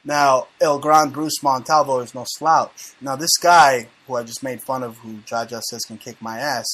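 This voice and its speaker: A man's voice: mid-range voice, steady tone, moderate pace, a bit bright. An American man hosting a casual talk show, speaking in a brash, boastful and profane way. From United States. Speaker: host.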